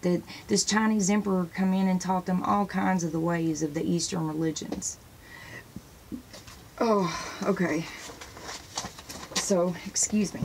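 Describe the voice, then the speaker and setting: Gravelly-voiced woman rambling excitedly. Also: fairly low pitch, a little hiss or hum, poor audio. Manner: excitable, rambling, points at pictures in books; sprinkles praise phrases into talk. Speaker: religious video host. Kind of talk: casual show-and-tell talk to camera.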